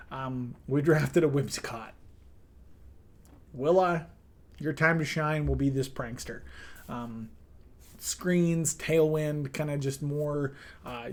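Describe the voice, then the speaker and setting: A man talking through his team in a casual review, easygoing and a little goofy. He drops plenty of "um"s and fillers and slips in playful slang as he goes, his pitch sitting right in the middle for a man. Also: darkish tone. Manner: loose and chatty, many "um"s, playful slang. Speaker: draft league team manager.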